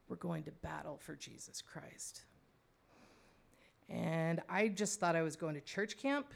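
A woman with a lowish, gravelly voice speaks a little slowly as she tells a personal story. Her monologue is conversational and wry, full of asides and filler words.

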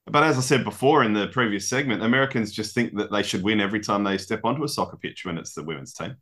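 Man, low voice, podcast co-host, casual sports chat, chatty, playful banter. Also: quick pace, a bit bright. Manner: chatty, laughs easily, mock-legal banter.

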